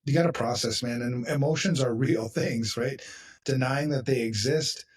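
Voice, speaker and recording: Blunt, husky-voiced man hosting a podcast. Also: medium pitch, moderate pace, recorded from a distance. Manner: blunt, emphatic, swears freely. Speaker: podcast host. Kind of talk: casual podcast chat.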